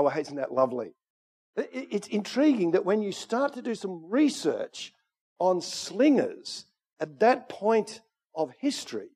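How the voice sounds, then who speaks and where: A man preaching a sermon in a relaxed, conversational way, often restarting his phrases. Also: high voice. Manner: conversational, with many restarts and fillers.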